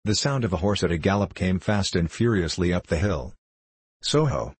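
A man narrating a classic novel as an audiobook reader, in a measured, even storytelling manner. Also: low-pitched, husky, dry recording.

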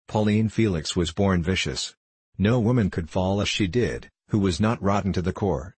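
A man narrates a classic novel in a low, husky voice. His delivery is even and unhurried, with only light shading for the characters. The recording is dry and close, with no room sound. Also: dry recording. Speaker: audiobook reader. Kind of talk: scripted narration.

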